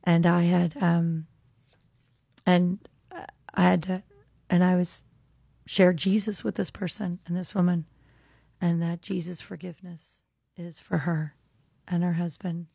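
Woman, podcast host, gravelly voice, dry close sound, earnest heartfelt testimony. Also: fairly low pitch, little pitch movement, unhurried, pauses often, dark tone, no echo. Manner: earnest, heartfelt storytelling with many "um"s. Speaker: podcast host and jail minister. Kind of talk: personal faith testimony.

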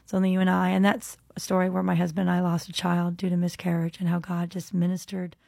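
A woman's voice: fairly low pitch, monotone, fairly quick, creaky, mellow, no echo, studio quality. A woman hosting a podcast, telling an earnest, heartfelt faith testimony about her jail ministry. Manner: earnest, heartfelt storytelling with many "um"s.

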